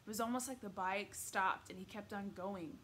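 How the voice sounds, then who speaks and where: A woman's voice: medium pitch, moderate pace, fairly bright tone, a little hiss or hum, natural voice. A woman voicing an earnest, worried middle-school girl in a read-aloud storybook. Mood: fretful. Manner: earnest, fretful.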